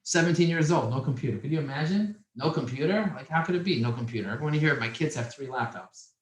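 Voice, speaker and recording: Speaking fast in a fairly high-pitched voice, a man runs a lively business class for an audience of young men in a classroom, an animated storyteller who keeps asking the room questions. The sound is reverberant and the audio quality is poor.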